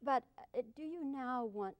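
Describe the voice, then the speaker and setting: Brisk woman interviewer asking questions. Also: high voice, expressive, no echo, dull audio. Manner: direct, brisk questioning with easy laughs. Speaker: entertainment interviewer.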